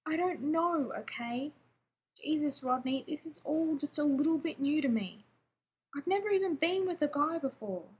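A woman reading aloud, voicing an awkward, guarded adult man who speaks in halting, helpless phrases. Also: sits high, lively intonation, pitched above the performer's own voice, low-quality recording.

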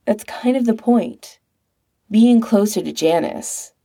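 A gentle, patient young man speaks softly, as a woman narrator puts him on. The delivery is slow and mellow, with a husky, creaky edge. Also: a little high, pitched above the performer's own voice. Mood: coaxing.

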